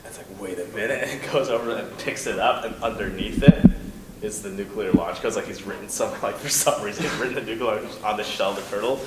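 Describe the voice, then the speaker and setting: A man's voice: fairly low pitch, fast talker. A man telling a long story as a panel guest at a convention, rambling with lots of fillers and restarts. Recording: echoey hall from far off, noisy.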